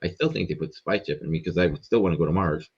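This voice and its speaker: A man appearing as a podcast guest, telling a story in a rambling, profane, animated way. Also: rumbling low, very fast, husky, dull audio. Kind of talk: casual storytelling.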